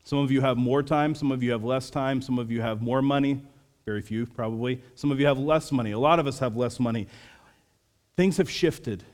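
A man in his thirties preaching a sermon as pastor, earnest and measured, sometimes dropping to a soft, quiet delivery. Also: mid-range voice. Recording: long hall reverb.

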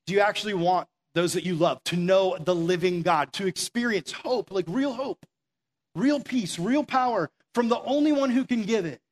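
A man's voice: sits high, moderate pace. A man preaching a sermon in an earnest, conversational way, acting out quoted prayers as he goes. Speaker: pastor.

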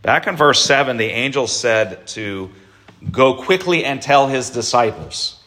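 A male pastor giving an Easter sermon, preaching in a deliberate, emphatic way and lifting his voice for stress. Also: medium pitch, expressive, bright, forceful tone.

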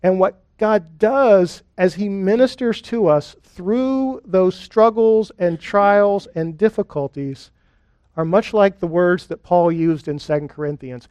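A male pastor giving a sermon, earnest and conversational, slowing down for lists and key points. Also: high voice, a little mellow, clear, resonant tone, no echo. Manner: earnest, conversational preaching with deliberate pauses and lists. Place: church.

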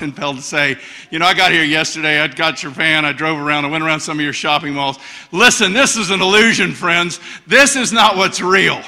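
A middle-aged man preaching a passionate sermon as a guest speaker, telling stories and swinging to loud bursts. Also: high voice. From United States. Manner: passionate, storytelling, bursts of shouting. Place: church hall. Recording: church hall reverb.

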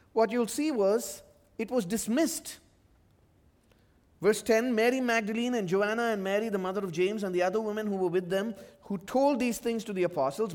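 Guy preaching a sermon, fairly high voice, acts out the characters. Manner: expressive, acts out the disciples' voices. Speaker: pastor.

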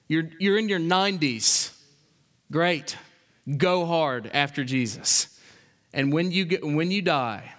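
A man preaching a sermon as a pastor, impassioned, swinging between loud exhortation and quiet emphasis. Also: on the high side. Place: church sanctuary. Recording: long hall reverb.

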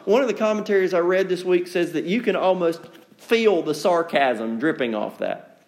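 A man's voice: sits high, lively intonation, normal speed. A man preaching an evening sermon to a congregation, talking in a conversational, folksy way and acting out quotes with sarcasm. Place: church room with a congregation.

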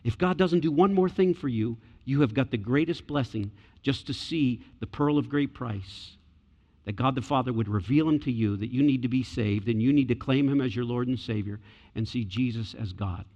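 A man delivering a sermon in a church, mid-pitched and conversational, building to loud, emphatic proclamations. His voice rings out with a long reverb trailing behind it in the sanctuary. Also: normal speed, highs cut off. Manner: emphatic preaching, rising loud in declarations. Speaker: pastor.

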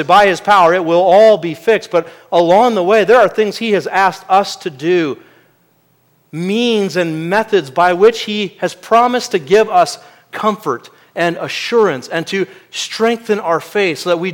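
A man preaching a sermon in an earnest way, moving between quiet asides and loud, emphatic peaks. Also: high voice.

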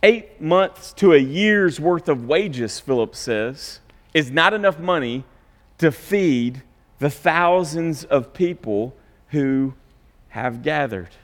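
A man's voice: fairly high pitch, lively intonation, takes it slowly, big-room sound. A man preaching a sermon in a conversational way, asking rhetorical questions and checking in with his listeners. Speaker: pastor.

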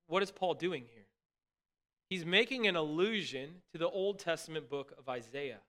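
Male pastor, middle-aged, somewhat high and bright; earnest, emphatic sermon delivery with frequent restarts. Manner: earnest, emphatic preaching with repeated restarts and dropping to soft asides.

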